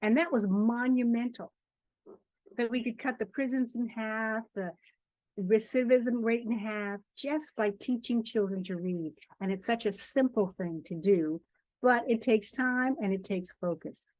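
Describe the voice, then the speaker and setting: A woman's voice: a little high, unhurried, a little mellow, no room sound. Earnest older woman telling history. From Charleston, South Carolina family; grew up in Harlem. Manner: earnest storytelling, emphatic repetition. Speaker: children's author and guest. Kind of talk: podcast interview.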